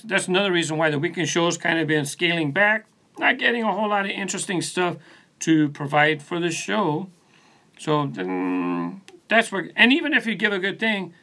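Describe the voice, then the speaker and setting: Recorded on a phone perched on a post, a man runs a laid-back live stream from his studio, going through comments and greeting viewers by name as he rambles. He speaks a little high, with vocal fry and a bright, forceful tone.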